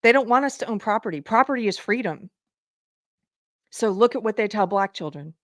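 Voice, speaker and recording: A woman's voice: mid-range voice, lively intonation, fairly quick, a bit bright, no echo, clean studio sound. A woman hosting a live political commentary show, indignantly reading items off a list. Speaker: livestream show host.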